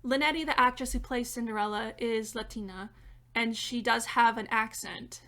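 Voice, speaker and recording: A young woman talking through a theater review in a chatty, animated way, often laughing between points. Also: a little high, moderate pace. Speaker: theater critic and dramaturg. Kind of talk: casual video review. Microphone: reading notes off-camera.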